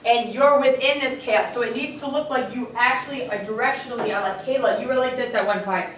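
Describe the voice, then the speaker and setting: A woman's voice: on the high side, fairly quick, slight background noise. Woman running a play rehearsal, acts stuff out, says like a lot, far off in a big echoey hall. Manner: animated, acts out lines while explaining, many "like"s. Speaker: play director. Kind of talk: rehearsal coaching. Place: theater or school auditorium.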